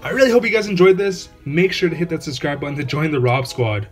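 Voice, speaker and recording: A man's voice: fairly high pitch, fast, faint music behind. A man hosting his own channel, giving casual unboxing commentary, awestruck and repeating exclamations over and over. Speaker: channel host opening trading card packs.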